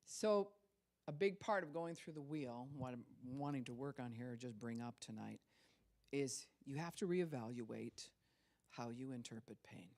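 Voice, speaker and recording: A woman's voice: rumbling low, animated, normal speed, darkish tone. A woman pastor in her sixties preaching a sermon, telling stories with frequent laughter and acting out the people she quotes. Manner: storytelling, laughs often, acts out quoted voices.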